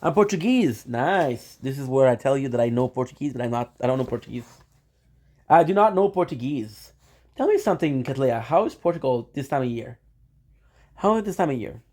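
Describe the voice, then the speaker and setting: A man's voice: mid-range voice, expressive, fairly quick, darkish tone. A man live-streaming, rambling playfully and talking straight to his viewers. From Canada. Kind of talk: casual live-stream chat.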